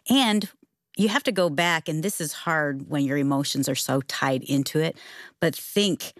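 A woman's voice: sits low, moderate pace, dry recording, clean studio sound. A woman co-hosting a talk show with her husband, speaking earnestly and directly from experience. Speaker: co-host. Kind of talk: casual chat.

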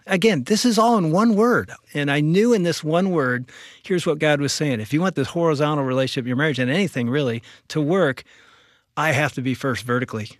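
A man, a pastor, earnestly recounting a personal testimony about his marriage in a relaxed interview. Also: a little high, brisk, no echo, studio quality. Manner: earnest, reflective storytelling. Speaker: pastor and guest speaker.

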